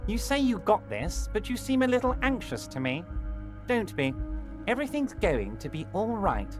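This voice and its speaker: An actor playing a smug, jovial middle-aged union boss in a video game, speaking in an oily, patronizing and overly friendly way. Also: male voice, high-pitched, sing-song, normal speed, music in the background. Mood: soothing.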